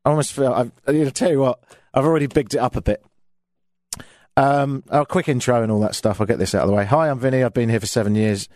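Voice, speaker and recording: Grumbling self-mocking British radio host. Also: male voice, medium pitch, steady tone, quick pace, darkish tone, dry recording. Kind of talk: casual radio monologue. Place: radio studio. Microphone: studio microphone.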